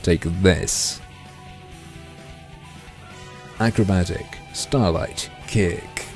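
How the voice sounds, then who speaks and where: A man voicing a brash teenage girl heroine, speaking loudly and bluntly with indignation. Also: low-pitched, takes it slowly, soft background music. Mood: defiant. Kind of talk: game dialogue read-aloud.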